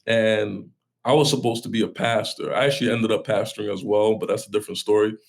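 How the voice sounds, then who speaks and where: A man's voice: on the low side, steady tone, fast, gravelly. A man, a pastor, sharing a personal story as a podcast guest in an earnest, heartfelt way, talking in run-on bursts with many restarts.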